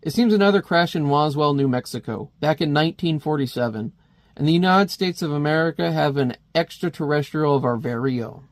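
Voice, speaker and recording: A man's voice: a little high, expressive, brisk, dry recording, clean studio sound. A man reading the lines of a smug, scheming male billionaire villain from a comic.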